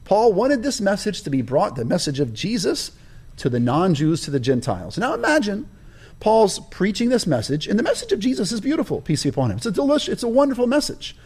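With a high-pitched, slightly rough, darkish voice that swings hugely in pitch, a man briskly tells his own story as an interview guest. He preaches more than chats, emphatically stressing key words.

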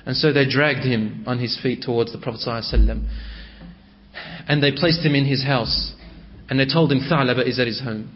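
A man's voice: mid-range voice, fast. A man telling a religious story in a dramatic, emotive way, dropping in Arabic phrases, on a dull lo-fi recording.

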